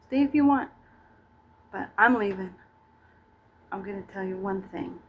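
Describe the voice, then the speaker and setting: A woman's voice: medium pitch, a little slow, long pauses, breathy edge, lo-fi sound. A middle-aged woman giving a scattered, self-mocking comic monologue to camera. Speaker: vlogger.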